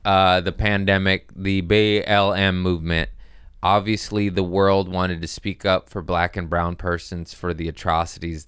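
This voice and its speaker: A man's voice: sits low, fairly bright tone, clean tone, dry recording, clean studio sound. A man hosting a podcast, talking loosely and profanely in a jokey comedic rant.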